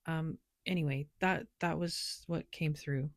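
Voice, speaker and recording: The speaker is a tarot and oracle card reader whose loose, rambling spiritual vlog talk is full of fillers. Her voice is low, fairly even in intonation and a little slow, with studio-quality audio and no echo.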